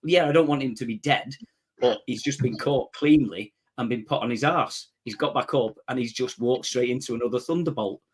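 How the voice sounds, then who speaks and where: A man chats on a fan podcast, blunt and animated, telling stories and laughing often. His voice sits mid-range. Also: mid-range voice, brisk, breathy edge. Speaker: podcast co-host. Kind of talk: casual podcast chat.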